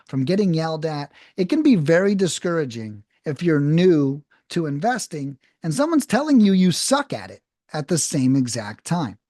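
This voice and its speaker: A man's voice: fairly high pitch, darkish tone, dry recording, studio quality. A man in his thirties teaching a cold calling course in a direct, coaching way, often checking in with "okay?". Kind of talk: casual instructional talk.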